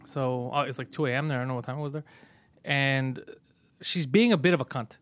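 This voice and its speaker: A man hosting a casual comedy podcast, telling a story in an animated way and swearing a lot. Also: mid-range voice, brisk, no room sound. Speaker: podcast host.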